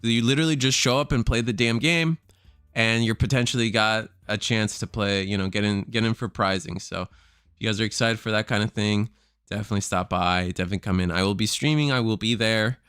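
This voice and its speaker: A man's voice: lowish voice, fairly quick, fairly bright tone, smooth, dry recording, studio quality. A man chatting casually on a live stream, rambling through announcements and swearing freely, sounding tired and burnt out.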